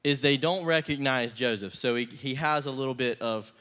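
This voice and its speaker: Casual, joking pastor in a hall. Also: male voice, mid-range voice, moderate pace, fairly bright tone, smooth. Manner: casual and conversational, with laughs and acted-out asides. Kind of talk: sermon. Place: church sanctuary. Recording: long reverb of a church hall.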